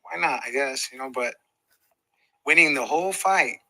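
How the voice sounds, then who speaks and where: Middle-aged boxer, very bright tone, lively storyteller, punches out sound effects, podcast guest. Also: male voice, mid-range voice, moderate pace, poor audio. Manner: lively, acts out moments with sound effects and laughter. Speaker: professional boxer. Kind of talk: animated storytelling in a podcast interview.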